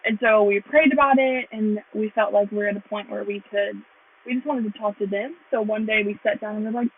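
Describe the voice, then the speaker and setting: A woman's voice: mid-range voice, fairly even intonation, brisk, slightly rough. A young American woman earnestly telling her faith testimony in a rambling way, full of "like". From United States. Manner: earnest, rambling, heavy use of "like". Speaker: vlogger sharing her testimony. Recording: tinny phone-like sound.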